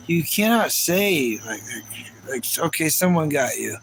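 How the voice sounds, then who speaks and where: A man's voice: on the high side, sing-song, a little slow, gravelly, fairly bright tone, slight background noise, low-quality recording. A man hosting a live stream, talking casually and rambling with lots of fillers as he reads chat. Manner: rambling and chatty, with many fillers.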